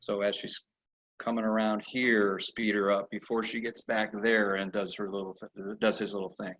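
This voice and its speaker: A man teaching a horse training lesson over a video call, telling animated stories and acting out the horses' replies. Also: on the low side, normal speed. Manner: animated storyteller who acts out horses' replies. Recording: dull lo-fi video call audio.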